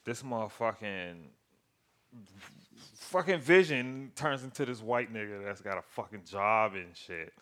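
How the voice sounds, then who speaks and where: A man's voice: fairly low pitch, a little slow. A man casually recapping a TV series with lots of swearing, acting out the characters' lines as he goes. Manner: profane, animated storytelling with acted-out quotes. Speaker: podcast co-host.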